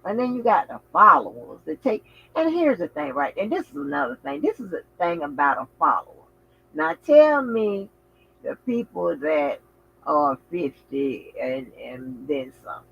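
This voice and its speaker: A man hosting a casual livestream, talking in an animated, outspoken way with frequent swearing and exclamations. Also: sits high, a little slow, vocal fry, dull audio, slight background noise. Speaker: channel host.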